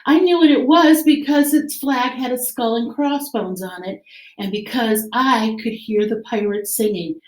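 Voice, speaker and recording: A woman teacher reading a picture book aloud to children in an expressive, animated way. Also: fairly high pitch, unhurried, echoey room. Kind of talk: read-aloud story time for children.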